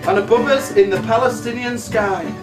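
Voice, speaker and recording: Sweary man, high voice. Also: normal speed. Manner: sweary, laughs at his own jokes. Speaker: comic storyteller. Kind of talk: comic storytelling over music. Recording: roomy live recording, mic at a distance, loud music.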